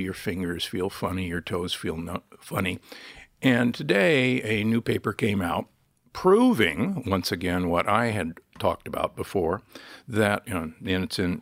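A man with a low, gravelly voice speaks as an interview guest. He lectures emphatically and leans on key points. The sound is close and dry. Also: dry recording. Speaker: guest physician and author. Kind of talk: podcast interview, explaining.

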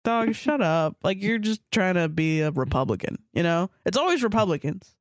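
A young woman co-hosting a casual podcast, sick and congested, talking in a sweary, animated way and mimicking other people. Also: lowish voice, a little fast, no echo, clean studio sound. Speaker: podcast co-host. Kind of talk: casual chat.

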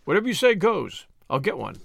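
A man's voice: sits high, wildly swooping pitch, fairly quick, gravelly, a bit bright, no echo, clean studio sound, heavily acted. A man voicing a brash, generous young American with an American accent and breezy, confident slang.

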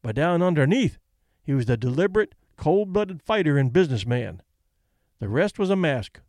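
Expressive male audiobook narrator. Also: fairly high pitch, normal speed, no echo, clean studio sound. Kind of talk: scripted narration.

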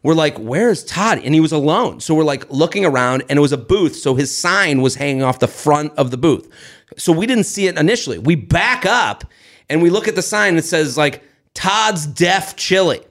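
A young man co-hosting a podcast, telling a story in lively casual chat and acting out the voices of people in it. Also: fairly high pitch, normal speed. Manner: animated, acts out voices, swears and laughs. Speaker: podcast co-host.

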